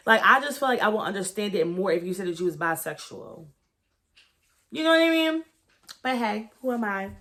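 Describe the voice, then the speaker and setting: A woman chatting casually as she reviews a reality TV episode, candid and gossipy in tone. Her voice sits at a middle pitch, and she loosely rambles through fillers and blunt, profane asides. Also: expressive, fairly quick, a bit bright. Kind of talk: casual vlog commentary.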